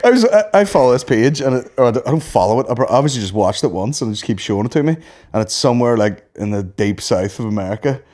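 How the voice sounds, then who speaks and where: Brief: young Northern Irish guy, mid pitch, easygoing, sweary podcast co-host. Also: expressive, fast, darkish tone. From Northern Ireland. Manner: laid-back, sweary, laughs through his stories. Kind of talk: casual chat.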